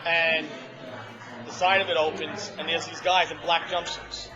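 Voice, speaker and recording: This man's fairly high voice is flat and unhurried as he rambles through a personal story in casual conversation at a restaurant, with frequent restarts and emotional retellings. Crowd noise and background music come through on dull lo-fi audio.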